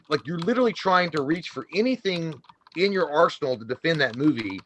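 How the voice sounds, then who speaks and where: A man's voice: on the high side, expressive, fairly quick, bright, forceful tone, slight background noise. A man co-hosting a casual movie podcast, ranting heatedly and profanely with lots of restarts. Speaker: co-host.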